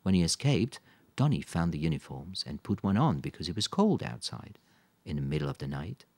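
A man doing a calm, steady storybook father. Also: low-pitched, a little fast, husky, dry recording, full character voice. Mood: explaining. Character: tall, calm father who is a vet. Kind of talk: audiobook character voice.

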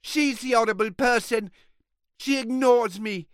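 A woman's voice: a little high, measured pace, dry recording, studio quality, natural voice. A woman voicing a whiny, cowardly young boy bully who sulks and complains. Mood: sulky. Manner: whining and sulky.

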